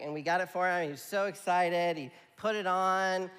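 A man's voice: high voice, moderate pace, hardly any pauses, fairly bright tone, clean tone. A man preaching a sermon in a conversational, emphatic way, often checking in with his listeners. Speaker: pastor. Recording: long hall reverb.

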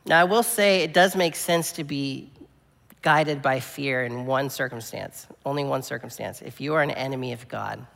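A man preaching a sermon with earnest emphasis, swinging between strong peaks and quiet, low passages. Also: moderate pace, gravelly, in a large hall. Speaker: pastor.

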